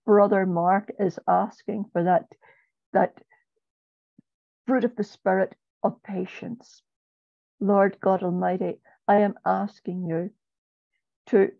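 Woman, gravelly voice, flat delivery, earnest prayer, dull dry call audio. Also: medium pitch, no echo. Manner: earnest, repetitive pleading prayer. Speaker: prayer group member. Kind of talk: spoken prayer. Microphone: video call.

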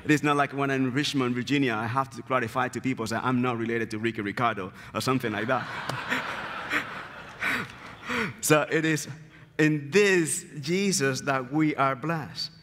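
A man's voice: mid-range voice, fairly even intonation, moderate pace, fairly bright tone, slight background noise. A man from the Dominican Republic with a Dominican Spanish accent, a native Spanish speaker preaching a sermon earnestly and emphatically, repeating his key phrases. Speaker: guest preacher. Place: church sanctuary. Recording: church hall reverb.

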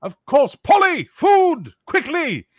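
Fussy blustering innkeeper, high, swooping and loud, tabletop game. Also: male voice, big pitch swings, moderate pace, crowd noise. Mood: fawning. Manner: blustering, gushing over coin, shouting orders. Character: fussy tall thin balding male innkeeper.

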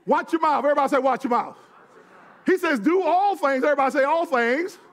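A male pastor with a strikingly high voice delivers a sermon. He keeps prodding his congregation with quick tags and answers, and breaks the flow with joking asides. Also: expressive, a bit bright. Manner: punctuates with call-and-response tags to the congregation.

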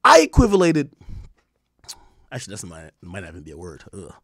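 A man in his thirties ranting on a stream, animated, profane and mocking. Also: medium pitch, a little fast, gravelly, no echo, clean studio sound. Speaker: streamer commentator. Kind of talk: ranting commentary.

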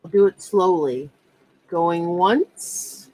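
A woman with a slightly low voice runs a live-stream auction from home. She talks slowly and easily as she reads out viewers' comments and counts down the bids. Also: darkish tone, rough recording.

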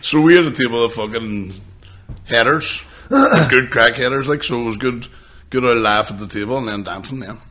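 A man's voice: medium pitch, moderate pace, bright, forceful tone. A man co-hosting a podcast, telling sweary stories in casual chat with bursts of laughter. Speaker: podcast co-host.

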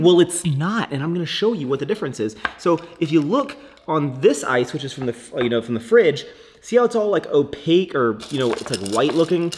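A young man talking casually to camera in a vlog, joking and animated, swinging between loud excitement and low mutters. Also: fairly quick, a little hiss or hum. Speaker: fitness vlogger.

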